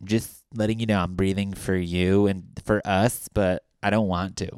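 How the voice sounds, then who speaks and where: A man's voice: sits low, flat delivery, normal speed, darkish tone, smooth, dry recording, clean studio sound, close to an everyday voice. A man voicing a sulky young girlfriend who grudgingly goes along, sarcastic and swearing.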